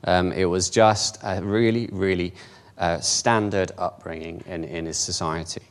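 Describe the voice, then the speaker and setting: A man's voice: low voice, fairly even intonation, a little slow. A man in his fifties giving an informal, conversational talk in a church, self-deprecating and asking the audience questions. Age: 50s. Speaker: church speaker.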